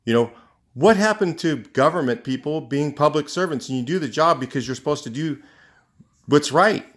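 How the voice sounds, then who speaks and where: A man's voice: a little high, animated, normal speed. Rambling, indignant man venting. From California. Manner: rambling, indignant, many fillers and restarts. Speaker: vlogger. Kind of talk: casual ranting monologue to camera.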